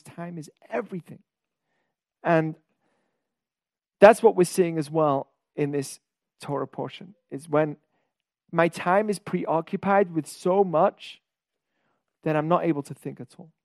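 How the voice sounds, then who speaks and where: A man with a high voice teaches a lively Torah class. He stresses key words and keeps asking his listeners questions. The sound is dry and close, with no room around it. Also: gravelly, dry recording.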